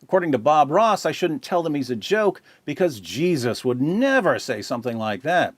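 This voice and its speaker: Middle-aged male host, sarcastic and combative, lively pitch, dry close sound. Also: moderate pace, dry recording. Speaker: channel host. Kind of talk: commentary reading viewer comments.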